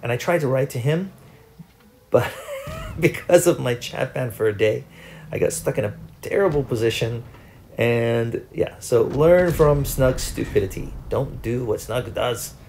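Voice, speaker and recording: Gravelly man doing game commentary. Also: medium pitch, a little slow, a little hiss or hum. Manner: chatty, self-mocking, excitable. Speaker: gaming channel host. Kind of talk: gameplay commentary.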